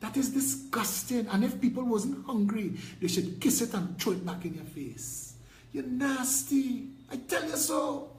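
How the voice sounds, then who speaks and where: A Trinidadian man with a high voice delivers a fiery political rant, preachy and mocking by turns. He sounds like he's in an echoey room. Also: animated, unhurried, darkish tone. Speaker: political party leader. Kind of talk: impassioned video rant.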